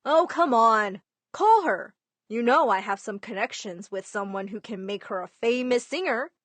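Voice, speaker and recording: A woman voicing an excited middle-aged male family friend in an animated story. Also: a little high, normal speed, no echo. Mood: eager.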